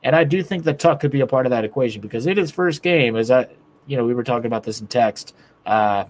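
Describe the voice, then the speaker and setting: This man co-hosts a laid-back hockey podcast, speaking quickly in a mid-range voice. He talks bluntly, with plenty of profanity, about how the team ought to play.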